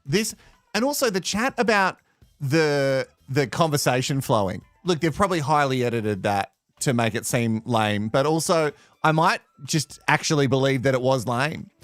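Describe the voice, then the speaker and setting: A man's voice: mid-range voice, lively intonation, normal speed, fairly bright tone, no room sound, soft background music. An Australian man hosting a live watch-along, sarcastic and swearing with bursts of laughter. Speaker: host reacting to a reality show.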